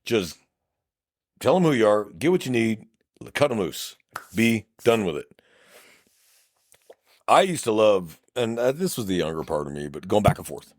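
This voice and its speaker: A middle-aged man from South Texas with a Texan accent, a police officer co-hosting a casual podcast chat, blunt and animated, acting out quoted dialogue. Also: lowish voice, moderate pace, long pauses, no echo, clean studio sound. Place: podcast studio.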